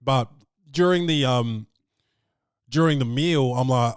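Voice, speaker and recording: A man hosting a comedy podcast, telling a story with loud, animated energy and plenty of swearing. His pitch sits in an ordinary middle range. The sound is dry and close, with no room echo. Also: takes it slowly, clean tone. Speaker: podcast host. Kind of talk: comic storytelling.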